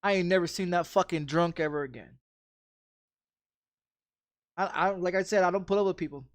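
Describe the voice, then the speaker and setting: A man's voice: high-pitched, normal speed, long pauses, dry recording. A streamer telling a story in casual chat, blunt and heavy on profanity, often repeating his phrases.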